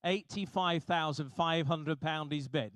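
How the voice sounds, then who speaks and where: A man working as an auctioneer, calling bids briskly and repetitively with jokey asides to the room. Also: on the high side, fairly bright tone, dry recording. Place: auction hall.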